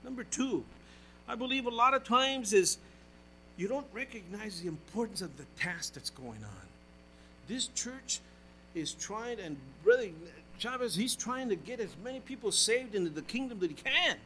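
A male pastor with a high, husky voice preaches in church at normal speed, his intonation lively. He calls out to the congregation, alternating loud exhortation with hushed, folksy storytelling, and the recording is rough.

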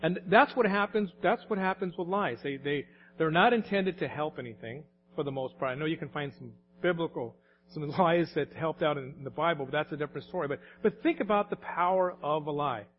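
A man's voice: a little high, a little fast, dull audio, slight background noise. A man preaching a sermon in a folksy storytelling way, often repeating his words as he goes.

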